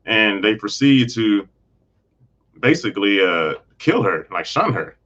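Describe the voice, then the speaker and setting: A man's voice: on the low side, big pitch swings, measured pace, a bit bright, highs cut off. A man hosting a casual TV episode recap, rambling along with frequent restarts and self-corrections. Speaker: host.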